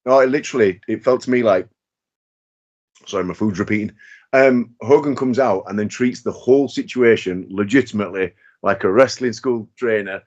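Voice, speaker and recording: A man's voice: on the low side, moderate pace. A man co-hosting a podcast, joking and swearing in casual chat. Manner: jokey, sweary, does mocking voices. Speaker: podcast co-host. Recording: dull, lo-fi mic.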